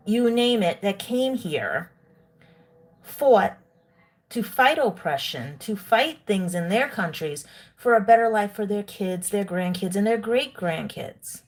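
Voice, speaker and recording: Eating while she talks, a New York woman hosts a livestream and lectures her chat indignantly as live commentary. Her mid-range voice is expressive and unhurried.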